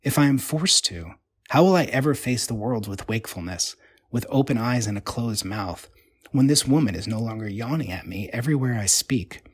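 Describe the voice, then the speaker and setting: A man reads a literary story aloud with a wry, deadpan rhythm. His voice is husky and slightly breathy, recorded close in a dry, dead space. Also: mid-range voice, normal speed, no echo. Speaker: narrator.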